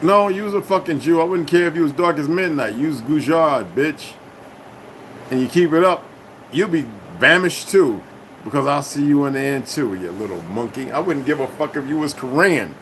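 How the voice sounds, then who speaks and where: Casting: man, somewhat high pitch, combative streamer, swears constantly, rambles, faint background hum. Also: expressive, normal speed. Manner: profane, confrontational, rambling. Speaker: channel host. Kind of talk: casual livestream monologue.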